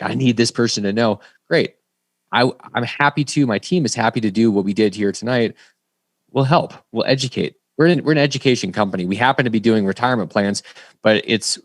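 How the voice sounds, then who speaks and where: Low-voiced man telling business stories. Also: no room sound. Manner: storytelling, acts out dialogue in quotes. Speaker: speaker presenting to a group. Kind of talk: motivational business talk.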